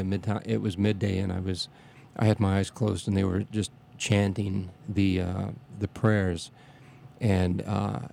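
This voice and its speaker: A man reminiscing in a casual interview, speaking haltingly with many restarts and fillers and a reverent tone. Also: lowish voice, creaky, dark tone, slight background noise.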